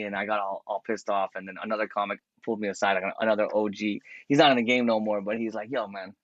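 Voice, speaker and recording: Slangy laid-back comedian, dry mic. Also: male voice, lowish voice, a bit bright, dry recording, highs cut off. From Canada. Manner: laid-back slangy storytelling, laughs often. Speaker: comedian guest. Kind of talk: casual podcast chat.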